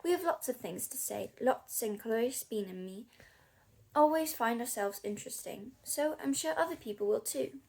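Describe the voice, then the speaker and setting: A woman's voice: fairly high pitch, animated, moderate pace, vocal fry, a little mellow. A woman reading aloud, voicing an eager, self-assured schoolgirl.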